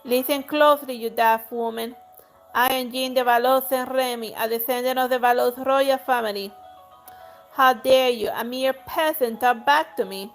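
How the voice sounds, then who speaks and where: A grand, scornful noblewoman barks insults at everyone around her, read aloud by a woman. Her voice sits a little high, and soft music plays faintly underneath. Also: steady tone, normal speed, lightly acted. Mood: outraged. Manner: imperious, insulting, theatrical reading. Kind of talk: reading game dialogue aloud.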